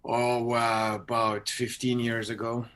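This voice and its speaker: A man's voice: medium pitch, flat delivery, slow pace, fairly bright tone. A middle-aged man from Belarus, an actor being interviewed, speaking thoughtfully with hesitant restarts over a video call. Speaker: voice and screen actor, guest. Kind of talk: casual interview conversation. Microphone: home microphone on a video call.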